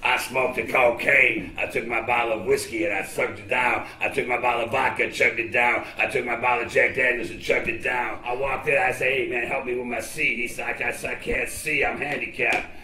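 An older man telling rambling, profane, boastful stories as an interviewee, sometimes breaking into shouting. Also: medium pitch, little pitch movement, a little fast, hardly any pauses, a little hiss or hum. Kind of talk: rambling storytelling. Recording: echoey with loud music.

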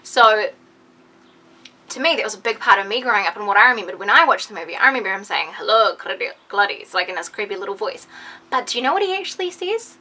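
Bright, excitable young woman vlogger. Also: medium pitch, fast. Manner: excitable, animated, lots of "like". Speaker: beauty vlogger. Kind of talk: casual chatty vlog.

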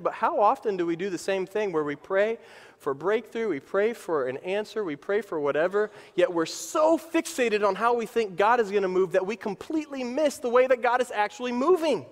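High-voiced emphatic preacher man. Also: animated, brisk, in a large hall. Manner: emphatic, repeats phrases. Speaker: pastor. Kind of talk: sermon. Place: church sanctuary.

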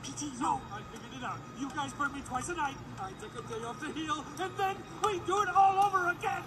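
P.T. Flea, a boastful bug ringmaster. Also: male voice, very high voice, fairly quick. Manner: showman patter, chuckling. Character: fast-talking greedy bug circus boss. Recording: distant film clip under loud music.

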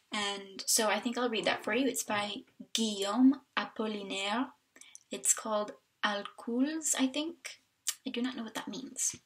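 A woman chatting casually in a vlog, telling stories with lots of fillers while filming at home and on a walk. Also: medium pitch. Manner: chatty, animated storytelling with fillers. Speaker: vlogger on an exchange stay. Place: home indoors and walking outdoors. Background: wind noise outdoors.

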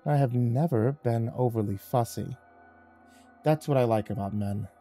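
A man's voice: mid-range voice, normal speed, mellow, faint music behind, close to an everyday voice. A man voicing a big, fierce female raider warlord who mocks and bellows. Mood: mocking. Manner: bellowing, mocking.

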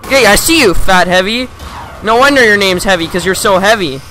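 A man chatting casually with online players during a game, excitable and laughing a lot, shouting at the other players. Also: high-pitched, a little fast. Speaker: gamer recording his match. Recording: noisy game capture with background noise.

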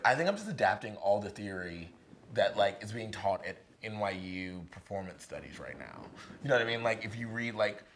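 A young man from Virginia, a playwright talking as a guest in a casual onstage conversation in a barn. He is animated, says "like" a lot, and acts out the voices of people he quotes. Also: lowish voice, a little hiss or hum. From Virginia, USA. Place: historic barn, live event.

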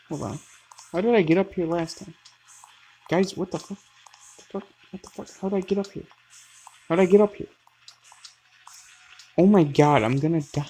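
A gaming host in the middle of a let's play, voice sitting at an ordinary middle pitch. The talk is casual and addressed to viewers, breaking into startled, loud, profane outbursts. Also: husky. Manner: excitable, loud outbursts, frequent swearing; talks straight to viewers.

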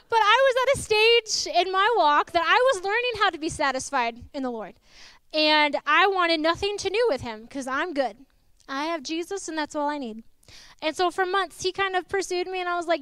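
A young woman preaching a sermon to her church, lively and personal, telling stories with laughs and asides. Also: extremely high pitch, a little slow, long pauses, no room sound, clean studio sound. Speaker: guest preacher.

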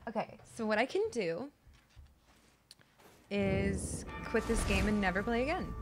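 A woman's voice: medium pitch, unhurried. A young woman streaming a game live, talking to her chat, frustrated and swearing. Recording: music playing loudly behind.

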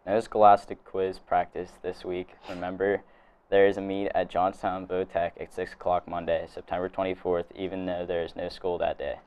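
A teenage boy reads the school's daily announcements in a deep, even voice. He keeps a steady, level delivery and stumbles now and then on a word. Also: moderate pace, clean tone. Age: teens. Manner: reads steadily, trips over a few words. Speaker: student announcer.

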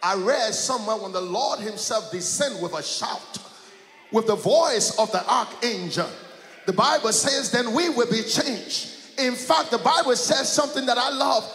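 Male pastor, high gravelly voice, shouting call-and-response sermon, long church reverb. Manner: call-and-response preaching, often shouting and chanting. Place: large church sanctuary. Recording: echoey church hall.

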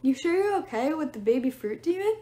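A woman's voice: sits high, sing-song, a little fast, dark tone, pitched above the performer's own voice. A woman doing a grumbling, sniffly teen boy hero. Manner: grumbling, wry. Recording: roomy echo.

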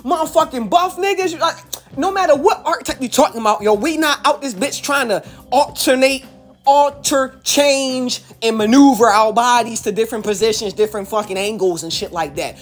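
A woman's voice: fairly high pitch, moderate pace. A woman from Baltimore, a YouTube commentator and rapper, delivering a hyped, profane reaction rant to camera and repeating phrases for emphasis.

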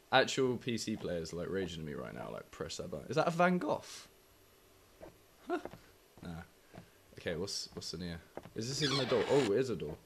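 Sweary, jumpy young gamer. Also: male voice, on the low side, slight background noise. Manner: sweary, jumpy, wisecracking reactions. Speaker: gaming YouTuber. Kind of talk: let's play commentary. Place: home flat.

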